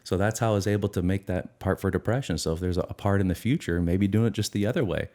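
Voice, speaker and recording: Speaking fast in a deep, dark voice, a middle-aged addiction recovery expert responds to an interviewer. His answers are earnest and thoughtful, sometimes dramatizing the dialogue in his head.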